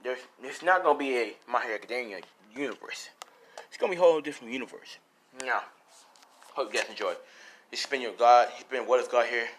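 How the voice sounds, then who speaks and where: A man's voice: mid-range voice, quick pace, fairly bright tone, a little hiss or hum. A man improvising a fan story as a casual channel host, rambling and swearing freely. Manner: rambling, profane, slangy.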